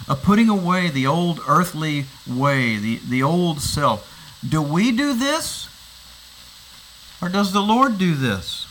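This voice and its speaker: In a teaching sermon, this male pastor explains a passage, poses rhetorical questions, and frequently repeats words when restarting. He sounds a little high and a bit bright, with a little hiss or hum and poor audio.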